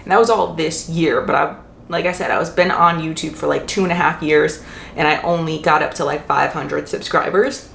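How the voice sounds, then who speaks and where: A woman's voice: deep voice, steady tone, normal speed, gravelly, fairly bright tone. A young woman answering viewer questions in a casual vlog, talking in a chatty way with lots of fillers and self-corrections. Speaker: mom vlogger. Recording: echoey room with faint hiss.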